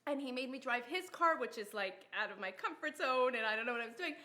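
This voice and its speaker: A woman telling a story in a relaxed group chat, with a bright, slightly high voice. She laughs often and acts out both sides of the conversation. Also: fast talker. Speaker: participant in a women's group discussion.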